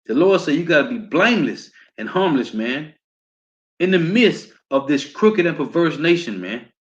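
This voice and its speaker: A man with an American accent teaching scripture, reading verses slowly and often ending with "man.". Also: a little high, sing-song. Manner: reads verses slowly, repeats "man" as a tag. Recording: dull lo-fi sound.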